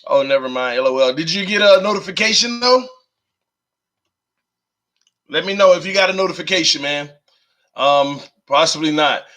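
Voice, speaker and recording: A man hosting a casual live stream, animated and laughing often as he reads viewer comments aloud. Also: a little high, moderate pace, long pauses. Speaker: live-stream host reading chat.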